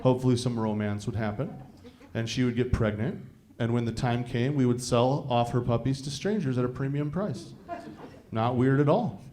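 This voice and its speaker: A man's voice: medium pitch, normal speed, dark tone. A man from Iowa performing a stand-up comedy set live, talking conversationally, swearing freely, and often checking in with the crowd. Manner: profane, conversational, often asks the crowd "you know what I mean?". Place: live venue before a laughing audience. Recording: live show with audience laughter. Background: crowd laughter.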